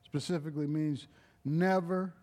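A man preaching a sermon, slow and emphatic, breaking into short exclamations of praise. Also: on the high side, fairly even intonation, dark tone.

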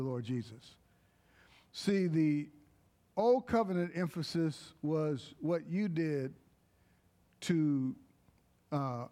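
A male preacher delivers a sermon at a deliberate, unhurried pace. His voice sits a little high, and he leans hard on key words, dropping in short exclamations of praise between points. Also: mellow. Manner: slow, emphatic, with interjections of praise.

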